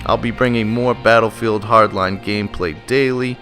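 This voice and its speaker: A man's voice: fairly low pitch, fairly even intonation, moderate pace, a bit bright. Male gaming host, loose profane play-by-play over game music. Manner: casual, swears freely. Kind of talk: gameplay commentary.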